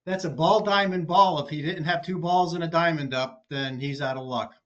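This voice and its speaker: A man's voice: a little high, moderate pace, muffled recording. A man on a group video call, teasing another speaker and questioning his story. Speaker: support group member.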